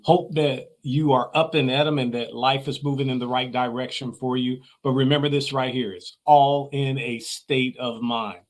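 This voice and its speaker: A man's voice: medium pitch, steady tone, normal speed, hardly any pauses. A middle-aged man hosting a motivational show, teaching in an earnest, emphatic way and repeating key phrases to drive them home. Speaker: motivational speaker, show host.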